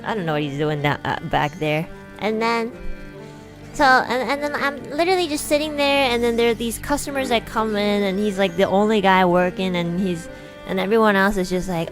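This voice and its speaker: A young woman chats through a story on her stream, lively and talkative, at an ordinary middle pitch. Now and then she jumps up into a brighter voice to act out what someone said. Faint music sits underneath. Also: normal speed. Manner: chatty, animated, acts out quoted lines in a raised voice. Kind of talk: casual storytelling.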